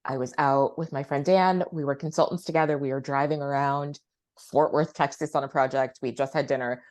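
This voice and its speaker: A woman's voice: a bass voice, fairly even intonation, brisk, darkish tone. A woman co-hosting a podcast, telling wry stories in casual chat. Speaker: podcast co-host.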